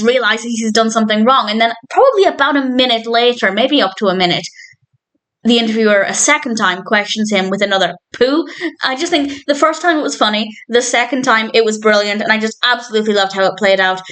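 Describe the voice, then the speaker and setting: Chatty female TV reviewer, enthusiastic, fairly high voice. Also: quick pace, a bit bright. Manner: enthusiastic, chatty, laughs often. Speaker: film and TV reviewer. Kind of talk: casual spoken episode review.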